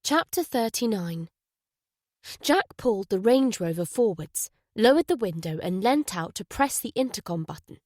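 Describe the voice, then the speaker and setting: A woman's voice: medium pitch, no room sound, clean studio sound. Woman narrating a thriller audiobook. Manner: measured, even storytelling. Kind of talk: scripted narration.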